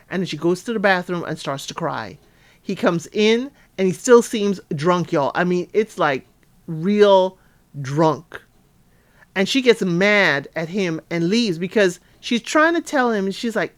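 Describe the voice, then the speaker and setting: A woman giving a casual recap of a reality show, chatty and animated, acting out quotes with asides to listeners. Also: mid-range voice, a little slow. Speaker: recap podcaster.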